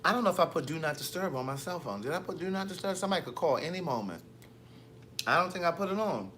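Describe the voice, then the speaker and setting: A man hosting a casual live stream, reading viewer comments with sassy, animated storytelling. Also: fairly high pitch, fast, a little hiss or hum.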